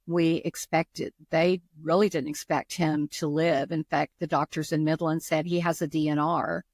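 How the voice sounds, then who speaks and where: A woman's voice: low voice, little pitch movement, normal speed, darkish tone, no room sound, clean studio sound. An older woman, a podcast guest, earnestly telling a heartfelt personal story of loss and faith.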